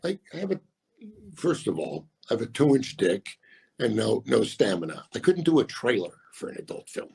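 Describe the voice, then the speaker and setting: A man in his sixties, a comedian guest, telling stories in casual chat with a gravelly, husky voice and a deadpan delivery. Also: mid-range voice. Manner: deadpan storyteller doing quick voices of others.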